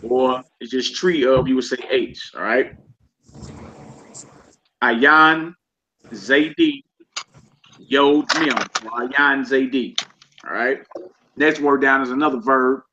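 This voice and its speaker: Man teaching a relaxed online class. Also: medium pitch, slow pace, pauses often. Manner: relaxed, repeats each word aloud, slangy asides. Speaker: Hebrew teacher. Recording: slightly dull lo-fi with faint noise.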